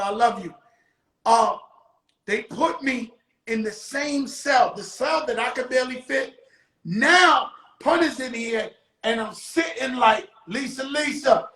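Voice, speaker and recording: A man telling a story on his show in casual street talk, loudly acting out the quotes. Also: very high-pitched, roomy sound, poor audio. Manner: animated, acts out quotes loudly. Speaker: show host.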